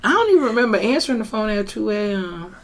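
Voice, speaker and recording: A woman joking around loudly as a podcast co-host. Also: mid-range voice, very animated, quick pace. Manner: joking, loud, sassy. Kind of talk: casual group chat.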